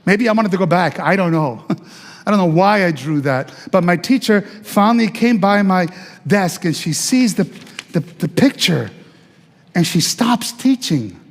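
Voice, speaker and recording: A man's voice: high-pitched, expressive, measured pace, long reverb tail. A male pastor from Italy telling his life story as a sermon in a chatty, conversational way, with asides to the congregation. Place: church sanctuary.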